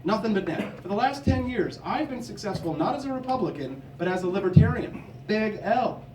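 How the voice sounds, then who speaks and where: A young man from Missouri delivers a combative stump speech, his fairly high voice soft and mellow rather than bright. He stands well back from the microphone. His words ring through a reverberant convention hall. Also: lively intonation, fairly quick, a little hiss or hum. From Missouri, USA. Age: young adult. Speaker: political candidate. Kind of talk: campaign speech. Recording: echoey hall, from a distance.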